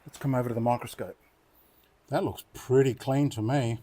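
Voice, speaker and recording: A man's voice: medium pitch, fairly even intonation, moderate pace, warm tone. A man hosting a knife sharpening video, chatting casually and muttering to himself as he works. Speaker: knife sharpening channel host. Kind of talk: casual hands-on demonstration.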